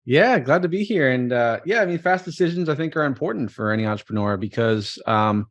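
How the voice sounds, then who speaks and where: A man's voice: mid-range voice, lively intonation. A man who is the guest entrepreneur on a podcast, talking casually and packing his sentences with fillers. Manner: fast-talking, full of fillers like "you know". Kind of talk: casual interview chat.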